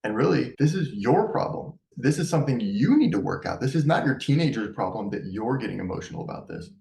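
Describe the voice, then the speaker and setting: A man's voice: mid-range voice, very animated, fast talker, vocal fry, a little mellow. A man giving parenting advice in a casual, direct, explanatory way. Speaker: parenting educator. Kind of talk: advice talk to camera. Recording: echoey room.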